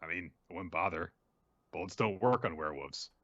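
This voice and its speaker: A man's voice: sits low, lively intonation, brisk, fairly bright tone, no echo, lo-fi sound, pitched below the performer's own voice. A man voicing a cruel, dismissive male werewolf villain in a sneering, offhand way. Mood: gloating.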